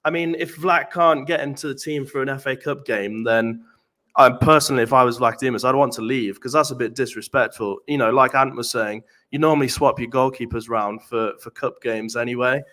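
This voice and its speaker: A man's voice: medium pitch, brisk, a bit bright. An English man talking earnestly and repeating himself as he thinks, in a casual chat on a live fan stream. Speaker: panelist on a fan show.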